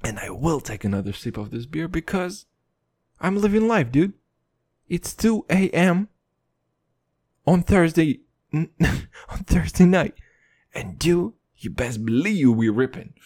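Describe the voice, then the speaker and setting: A man's voice: a little high, a little slow, pauses often, no room sound. A man rambling through profane stories in a casual late-night monologue, laughing now and then. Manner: animated, laughing between lines. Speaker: vlogger.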